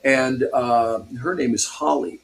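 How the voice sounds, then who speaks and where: A man's voice: medium pitch, steady tone, a little slow, vocal fry. A man in his sixties from Pasadena, California, a guest guitarist animatedly telling stories in a radio interview and laughing often.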